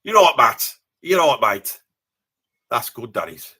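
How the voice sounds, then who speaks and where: A man doing a husky, boastful Brummie bloke. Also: mid-range voice, sing-song, takes it slowly, pushed and bright, full character voice. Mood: rambling chat. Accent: Birmingham. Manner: rambling, boastful, chatty asides to viewers. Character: boastful middle-aged Birmingham bloke, rambling name-dropper. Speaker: live stream host in character. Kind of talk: in-character live reaction chat.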